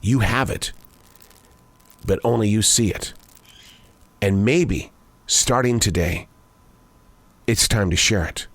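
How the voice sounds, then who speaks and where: An older man, a broadcaster and daily writer, hosting a reflective spoken essay with wandering pitch, quick bursts and slow emphatic phrases. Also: no room sound.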